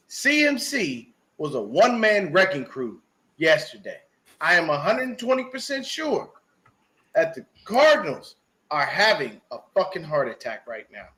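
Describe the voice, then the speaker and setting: A man's voice: a little high, sing-song, a little slow, long pauses, a bit bright. A man on a podcast ranting about a football game, profane and emphatic, repeating his points. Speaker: podcast guest. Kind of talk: fired-up sports podcast rant.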